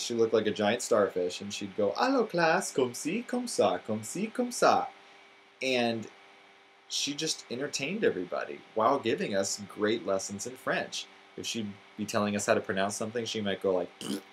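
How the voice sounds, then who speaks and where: Male storyteller from Texas, deeper voice, sincere and reflective first-person delivery. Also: slight background noise, poor audio. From Texas, USA.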